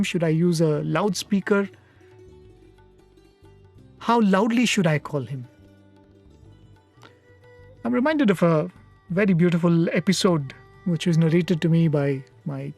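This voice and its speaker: A man from India speaking at a satsang, telling a devotional story in an unhurried, reflective way with frequent pauses. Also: sits high, darkish tone, soft background music.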